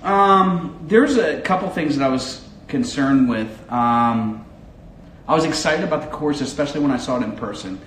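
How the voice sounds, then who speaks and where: Friendly guy chatting about his dog work, mid-pitch voice, roomy echo, faint hiss. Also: lively intonation, normal speed, fairly bright tone. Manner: friendly, laughs easily. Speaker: police dog handler. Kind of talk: casual interview answers. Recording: echoey room with faint noise.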